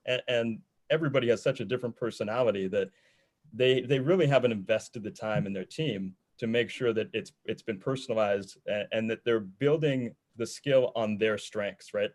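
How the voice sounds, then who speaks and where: A man speaking on an online sales panel over a video call, direct and conversational. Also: lowish voice. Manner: direct, conversational, repeats himself for emphasis.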